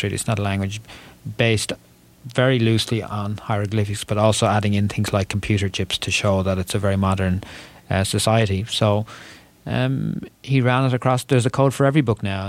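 A man with an Irish accent, an author talking in an interview, chatty and joking, laughing often. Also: on the low side. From Ireland. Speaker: author guest. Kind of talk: interview conversation.

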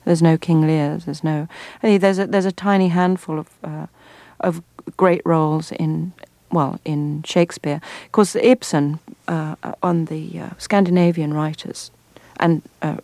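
A middle-aged woman from England, an actress answering interview questions thoughtfully, pausing and restarting as she searches for words. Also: low-pitched, steady tone, warm tone, no echo. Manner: thoughtful, frequent restarts and pauses. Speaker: actor, guest.

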